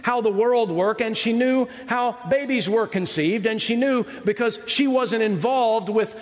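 A pastor with a high voice delivers a sermon to a live congregation, talking in a relaxed, conversational way and often asking the room "right?" He acts out the quoted voices of Bible figures, and a long hall reverb trails behind each phrase.

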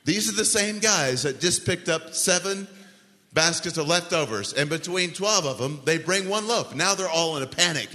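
A man preaching a sermon as pastor, telling the story with animated voices for panicked disciples. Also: fairly high pitch, moderate pace. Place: church sanctuary. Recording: long reverb of a large hall.

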